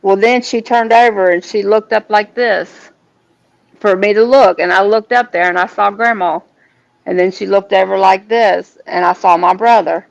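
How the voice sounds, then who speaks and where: A woman tells a personal story as a guest. Her voice has a heavy gravelly fry. She speaks earnestly and haltingly, restarting her sentences, and the recording sounds dull and lo-fi. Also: mid-range voice, fairly even intonation.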